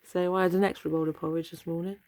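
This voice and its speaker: A woman's voice: on the low side, little pitch movement, fast, darkish tone, low-quality recording. A middle-aged woman chatting in a rambling, wry way at home, swearing freely. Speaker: vlogger. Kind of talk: rambling casual monologue. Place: home bedroom.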